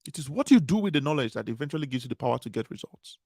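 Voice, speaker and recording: A man's voice: mid-range voice, animated, rapid-fire, darkish tone, no echo, clean studio sound. Emphatic man giving a motivational talk. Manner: repetitive, emphatic preaching cadence. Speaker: conference speaker.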